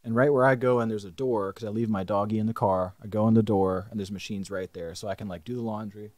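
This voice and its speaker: A young man co-hosting a podcast, telling a story in a casual, animated way and swearing freely. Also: fairly low pitch, fast, no room sound. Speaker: podcast co-host. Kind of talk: casual chat.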